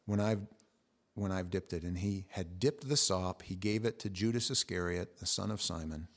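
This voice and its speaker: A middle-aged man preaching a sermon, telling the story with lively, acted-out quotes. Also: normal speed. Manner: animated storytelling, acting out quotes with jumps in pitch and volume. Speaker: pastor.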